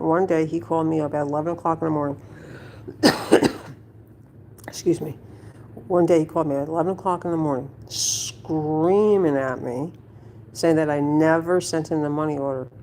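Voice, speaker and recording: A woman's voice: low voice, fairly even intonation, moderate pace, long pauses, dark tone, slight background noise. A woman at home telling a story to her viewers in a blunt, rambling way, swearing freely. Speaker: vlogger. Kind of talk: casual storytelling to camera.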